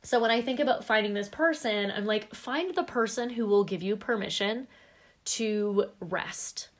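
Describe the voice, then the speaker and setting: A woman's voice: medium pitch, normal speed. A woman co-hosting a podcast in casual chat, candid and emphatic, swearing casually now and then. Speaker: podcast co-host.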